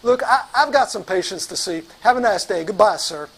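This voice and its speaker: A man playing an irritated, imposing male doctor who lectures slowly and sternly. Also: sits high, expressive, a bit bright, breathy edge, exaggerated voice, poor audio. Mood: dismissive.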